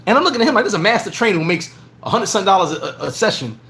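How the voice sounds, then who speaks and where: A middle-aged man vlogging, telling stories in a casual, animated way and repeating words as he goes. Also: sits high, very fast. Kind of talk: casual storytelling monologue.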